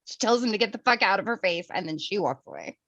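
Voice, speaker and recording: A woman co-hosting a casual movie review chat, animated and laughing, swearing freely. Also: mid-range voice, fast talker, no echo, muffled recording.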